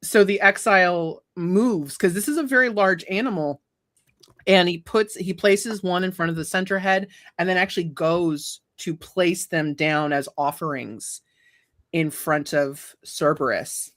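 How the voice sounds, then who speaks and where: A woman running a tabletop game, talking slowly and easily with plenty of fillers. Her voice sits a little low. She keeps the narration relaxed and chatty. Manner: chatty, laughing, many fillers. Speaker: game master.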